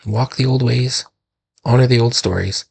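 A male podcast host giving a slow, solemn scripted narration of sea folklore, now and then correcting his own slips. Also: mid-range voice, gravelly, darkish tone, husky.

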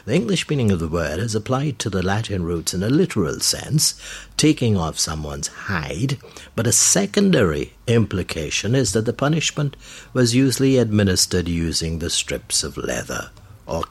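A man hosting a radio program on word meanings, talking slowly and deliberately and spelling words out letter by letter. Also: low voice, big pitch swings, gravelly, breathy edge. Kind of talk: explanatory radio talk.

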